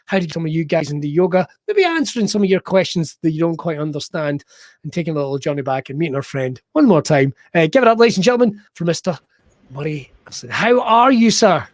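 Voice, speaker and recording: A Scottish man hosting a podcast with a bright, high voice. He talks like an upbeat showman and cracks jokes. The sound is close and dry. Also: animated, fast, dry recording. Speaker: podcast host. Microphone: remote call.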